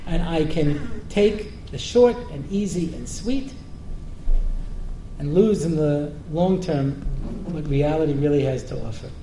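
A man's voice: fairly high pitch, a little slow, dark tone. A man giving a humorous Torah lecture as a rabbi, joking and often asking the audience questions. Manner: joking, asks the listeners questions again and again. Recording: roomy hall with faint noise.

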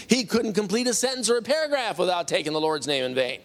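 A middle-aged man telling a personal faith testimony, animated and acting out the people he quotes. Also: sits high, fast talker. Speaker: testimony speaker.

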